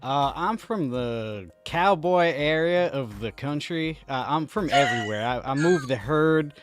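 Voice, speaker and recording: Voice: medium pitch, animated, unhurried, faint music behind, lightly acted. A performer playing a drawling cowboy who says he lives on his horse. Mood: laid-back. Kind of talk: comedic improv in costume.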